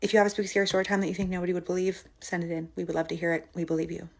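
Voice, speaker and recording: A woman's voice: on the low side, monotone, rapid-fire, creaky. A woman narrating a spooky story time, retelling what people said in her own voice.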